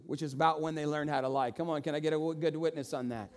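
A man in his forties preaching a sermon, telling stories in an animated way and voicing the people in them. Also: a little high, fast talker, few pauses. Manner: animated storytelling with voiced asides. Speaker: pastor.

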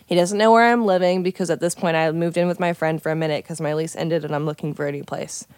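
A woman's voice: deep voice, fairly even intonation, quick pace, darkish tone, clean tone, no echo. A young woman telling a story in casual chat, chatty and profane, with many "like" fillers.

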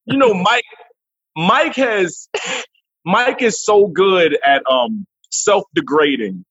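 A man guest on a remote interview, telling animated stories with frequent laughs and restarts. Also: high voice, slow, breathy edge, no echo, muffled recording. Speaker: guest comedian. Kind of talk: casual interview chat. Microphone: remote call.

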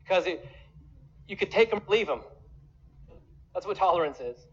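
A man's voice: sits high, animated, normal speed, a bit bright, husky, dull audio. A man preaching a sermon as pastor, earnest and emotional, acting out quoted voices.

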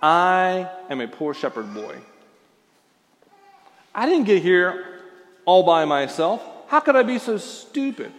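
A man's voice: a little high, lively intonation, moderate pace, long pauses, a bit bright, long reverb tail. A man voicing a young shepherd king who reproaches himself for his pride, his voice climbing as he scolds. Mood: self-reproaching.

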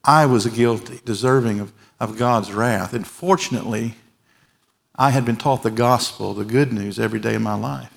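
A man's voice: medium pitch, normal speed, gravelly. Pastor, male, 40s, mid-range voice; earnest, emphatic sermon delivery in a large church. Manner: earnest, emphatic preaching with quiet, softened endings. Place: large church with overflow rooms.

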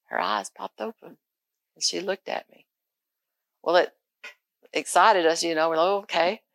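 A woman pastor telling a testimony in a sermon, going hushed and intense in the story, then lifting into preaching. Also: on the low side, a little slow, gravelly, dry recording.

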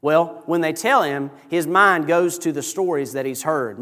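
A man preaching a sermon in a church, retelling a story in a lively, animated way. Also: on the high side, unhurried, in a large hall. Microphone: microphone over PA.

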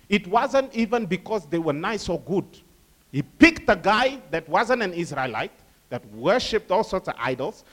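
Male preacher, lively sermon, fairly high voice, acts out voices. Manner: animated, acts out quoted voices, laughs with the crowd.

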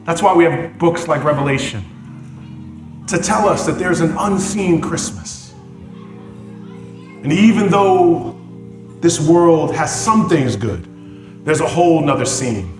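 A man preaching, telling a story with lively swings from loud exclamations to quiet prayer. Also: fairly high pitch, measured pace, pauses often. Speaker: pastor. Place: church sanctuary. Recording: echoey church hall with music behind.

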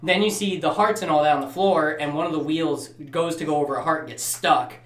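A man's voice: on the high side, fairly quick. A man casually recapping a horror movie with friends, acting out the characters' lines as he goes. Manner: animated retelling, acts out quoted lines. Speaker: podcast co-host. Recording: echoey room.

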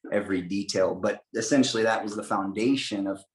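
A man's voice: lowish voice, a little fast, roomy sound, a crowd in the background, rough recording. A young adult man from the United States, telling an emotional faith story with lots of fillers. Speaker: guest missionary. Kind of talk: storytelling testimony.

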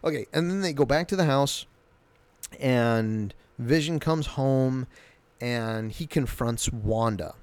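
A man's voice: mid-range voice, slow pace, smooth, no room sound. A man giving a casual, enthusiastic recap of a TV episode, loosely retelling scenes. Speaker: show recap host.

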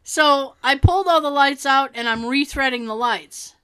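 A woman co-hosting a podcast, telling a funny story in animated casual chat and laughing often. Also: high-pitched, normal speed. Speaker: podcast co-host.

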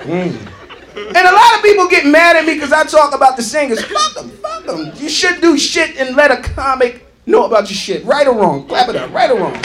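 A man doing a stand-up comedy set, brash and profane, shouting and mimicking singers. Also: very high-pitched, sing-song, brisk. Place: comedy club stage. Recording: live club recording with crowd. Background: audience laughing and clapping.

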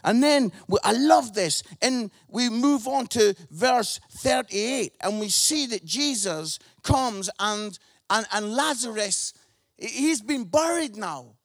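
Scottish pastor, really high voice for a guy, punchy and animated, keeps going "yeah?", dry close sound. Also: slow pace, no room sound. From Scotland. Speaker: preacher. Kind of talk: lively sermon. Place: church in front of a congregation.

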